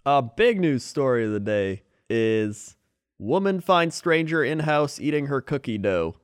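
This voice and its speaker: Chatty man with a lively voice. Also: mid-range voice, unhurried, clean tone, no echo, studio quality. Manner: laughs often, slips into mock Chicago voices. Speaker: podcast co-host. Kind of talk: casual chat.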